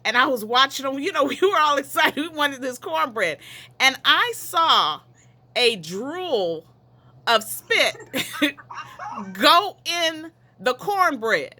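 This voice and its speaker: A woman with a bright, forceful voice pitched a little high tells family stories in a loose, chatty way. She laughs as she goes and drifts into side tracks before finding her way back. She is speaking on a video call from home. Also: big pitch swings, a little slow. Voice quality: laughs often while telling, digresses. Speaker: relative sharing memories at a memorial. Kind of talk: casual storytelling.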